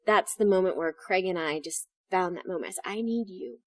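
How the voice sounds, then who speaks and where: A woman being interviewed about her stage acting, telling stories in an animated way and acting out the lines she quotes. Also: on the low side, brisk, no echo. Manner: animated storytelling, acts out quotes. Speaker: stage actress, guest. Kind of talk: interview conversation.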